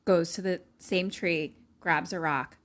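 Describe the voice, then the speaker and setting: A young woman co-hosting a casual podcast, retelling a film scene by scene and acting out the characters' lines, with many fillers. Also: takes it slowly. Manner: animated storytelling, acts out lines in a higher voice, many "like" fillers. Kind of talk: casual chat.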